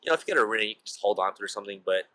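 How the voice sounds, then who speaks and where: A man's voice: fairly low pitch, lively intonation, rapid-fire, sharp tone, dry recording, rough recording. A young man casually telling a personal story as a vlogger, peppering his talk with "like" and "you know.". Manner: chatty, heavy use of "like" and "you know" fillers.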